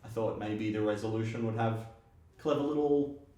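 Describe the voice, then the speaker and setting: A man's voice: fairly low pitch, warm tone, recorded from a distance. A man co-hosting a podcast, speaking casually and offering mild, hedged criticism. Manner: measured, hedging, mild critiques. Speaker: podcast co-host. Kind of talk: casual chat. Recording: echoey room, off-mic.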